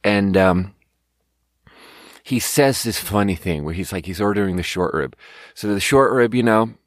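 Deep-voiced rambling Swedish man. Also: moderate pace, no room sound, studio quality. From Sweden. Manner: rambling, profane, self-mocking. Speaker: podcast host and restaurant server. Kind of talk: casual storytelling monologue.

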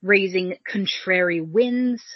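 Husky woman with a chatty manner. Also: medium pitch, takes it slowly, no echo. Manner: chatty, many fillers, acts out quotes. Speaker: podcast co-host. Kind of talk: casual history chat. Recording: dull, dry close mic.

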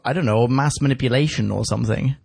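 A man's voice: medium pitch, fast talker, gravelly, husky. A man co-hosting a casual podcast chat, joking and acting out quotes. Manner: animated, jokey, acts out quotes. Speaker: podcast co-host.

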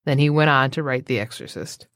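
A woman co-hosting a podcast in casual chat, wry and quick with quips. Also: rumbling low, a bit bright, no room sound, clean studio sound. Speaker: podcast co-host.

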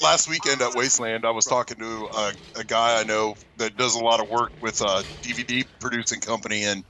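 Eager male co-host, bright tone, mid-pitched and stumbling. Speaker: commentary co-host. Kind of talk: casual film commentary chat.

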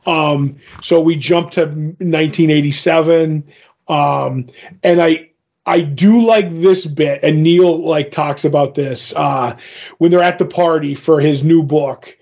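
A man recaps a story in loose, casual chat, stringing thoughts together with ums and "he's like". His voice sits a bit high for a man. The recording sounds dull and lo-fi. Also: steady tone, slow, a little mellow. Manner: rambling, full of ums and "he's like".

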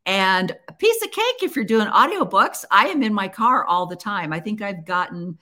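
A woman's voice: mid-range voice, lively intonation, moderate pace, bright, forceful tone. A woman hosting her own podcast, talking to listeners in an earnest, encouraging way and often restarting her sentences. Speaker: podcast host. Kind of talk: casual solo podcast talk.

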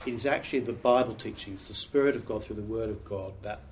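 A man's voice: lowish voice, quick pace, a little mellow, slight background noise. A middle-aged British man, a pastor, giving a training talk on preaching in an earnest, emphatic, conversational way with restarts. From Britain.

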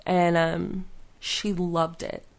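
A woman talking casually as a podcast guest, rambling and halting with many fillers and restarts. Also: fairly low pitch, little pitch movement, creaky. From western United States. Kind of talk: casual conversation.

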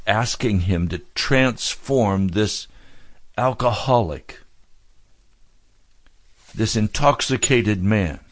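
Slow, earnest preacher. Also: male voice, on the low side, no room sound. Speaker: pastor. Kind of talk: radio sermon.

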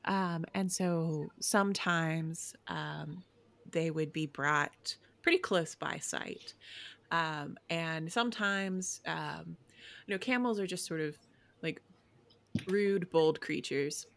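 A young woman guest on a podcast, telling a field story in a rambling, casual way with lots of fillers, dropping to a hush when quoting others. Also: sits low, takes it slowly, vocal fry.

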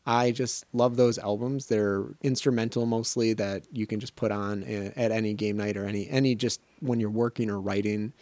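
A man's voice: fairly low pitch, steady tone, normal speed, hardly any pauses, a little mellow, no echo. A man co-hosting a casual chat, talking enthusiastically and rambling with lots of fillers. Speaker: podcast co-host.

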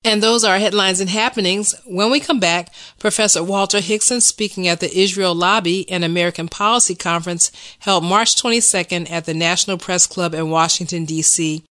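A woman reads the news headlines in an even, measured voice. Her tone is bright and crisp. The sound is dry and close, with no room around it. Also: fairly low pitch, dry recording. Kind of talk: scripted news reading.

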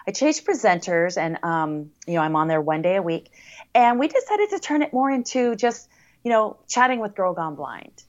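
A woman's voice: mid-range voice, sing-song, moderate pace. Chatty American woman, lo-fi audio. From United States. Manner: chatty, upbeat, many fillers. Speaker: podcast guest. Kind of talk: casual interview chat.

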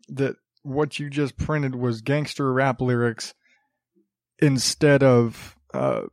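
Slow-talking sarcastic podcast man. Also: mid-range voice, no echo, clean studio sound. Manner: sarcastic, rambling, with many restarts. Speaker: podcast host. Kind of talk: casual solo podcast commentary. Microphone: podcast studio mic.

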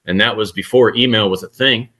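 A man's voice: lowish voice, a little fast, sharp tone. A man in his forties, a guest author, telling his life story in an upbeat, self-mocking way. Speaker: guest author, military leader. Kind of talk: interview storytelling.

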